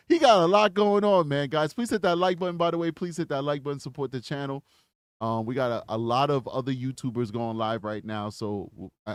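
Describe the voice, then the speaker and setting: A man hosting a true-crime livestream, talking to his chat in an animated, mocking way. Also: mid-range voice, no echo, studio quality. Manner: animated, mocking, chats with viewers. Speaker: livestream host.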